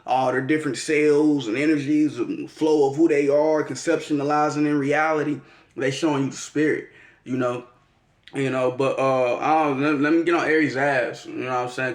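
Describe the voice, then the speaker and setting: A man's voice: mid-range voice, fairly even intonation, moderate pace, roomy sound. A man giving a slangy, profane, rambling casual monologue as an astrology vlogger.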